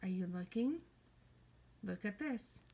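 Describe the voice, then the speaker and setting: A woman teaching a kindergarten reading lesson, playful, slipping into high excited cries and soft whispers. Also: slow, slightly rough.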